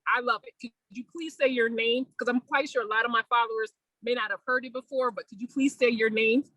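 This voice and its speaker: A woman hosting a podcast interview over a video call, effusive and quick to laugh, saying y'all to her listeners. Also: on the high side, fairly bright tone, dry recording, poor audio. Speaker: podcast host. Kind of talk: casual interview.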